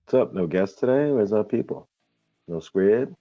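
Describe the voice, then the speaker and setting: A man's voice: on the low side, lively intonation, moderate pace, lo-fi sound, soft background music. A man co-hosting a podcast from his phone, blunt and joking, swearing freely. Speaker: podcast co-host. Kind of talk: casual chat.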